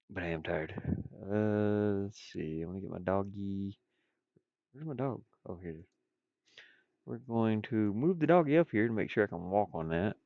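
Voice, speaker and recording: A man's voice: lowish voice, no room sound, muffled recording. Man with a stuffy nose, rambling. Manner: rambling, self-talking, chuckles often. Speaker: indie game developer streaming. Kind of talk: casual live-stream chat while working.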